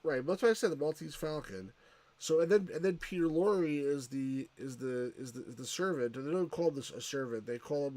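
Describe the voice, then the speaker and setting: A man talks casually at mid pitch while playing a retro computer game. He rambles, restarts sentences and fills gaps with "like." He keeps an easygoing, chatty let's-play tone. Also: darkish tone, dry recording. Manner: rambling, restarts often, many "like"s.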